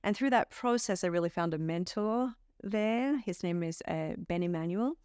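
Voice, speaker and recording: Middle-aged Australian actress, smooth and clear, dry close sound, chatty storyteller. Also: female voice, lowish voice, lively intonation, normal speed, no room sound. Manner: warm storytelling with playful quoted asides. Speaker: actress being interviewed. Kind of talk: casual interview chat.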